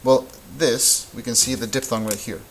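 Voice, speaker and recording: A man teaching Spanish in a relaxed, patient way, thinking aloud as he works through examples. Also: mid-range voice, moderate pace, poor audio. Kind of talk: informal classroom explanation.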